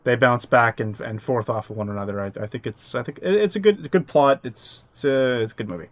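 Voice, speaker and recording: A man's voice: medium pitch, no room sound. Podcast co-host: man, dry understated humor, stop-start delivery, slightly dull recording. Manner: dry, halting, repeats words. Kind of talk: casual movie ranking chat.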